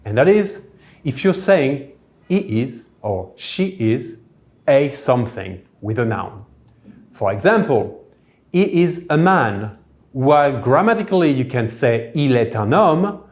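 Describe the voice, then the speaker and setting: A man teaching a beginner French lesson, explaining grammar step by step and saying the French examples slowly and clearly. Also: mid-range voice, big pitch swings, darkish tone. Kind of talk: recorded language lesson. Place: church hall classroom.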